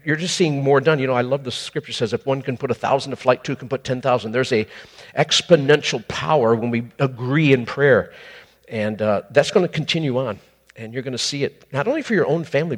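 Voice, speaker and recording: A man ministering to a couple in a conversational, animated preaching style, with sudden high exclamations. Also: long reverb tail.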